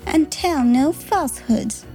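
A woman voicing a cold, stern headmistress who speaks slowly in severe, clipped words. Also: high-pitched, lively intonation, mellow, soft background music, voice pushed up, full character voice, rough recording.

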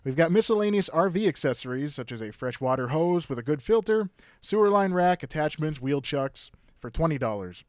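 A man's voice: on the high side, expressive, fairly quick, a little mellow, no room sound. A man co-hosting a local radio classifieds show, steadily reading listings and phone numbers while losing his voice. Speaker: radio co-host.

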